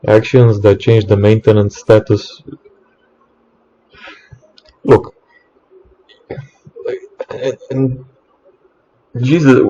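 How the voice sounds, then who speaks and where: A man's voice: lowish voice, dark tone, lo-fi sound. A man, an electrician, in an exasperated ranting monologue, swearing often and stumbling over restarts.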